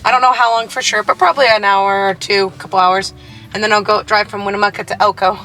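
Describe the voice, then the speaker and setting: Chatty excitable woman travel vlogger. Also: medium pitch, quick pace, faint music behind. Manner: chatty and easily excited, thinks out loud. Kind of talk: casual vlog chat to camera.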